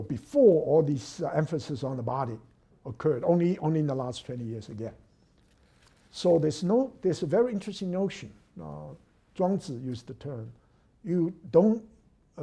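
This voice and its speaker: A man giving an academic lecture, thoughtful and hesitant, pausing on fillers and restarting phrases, then stressing key words. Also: on the high side, mellow, slightly rough.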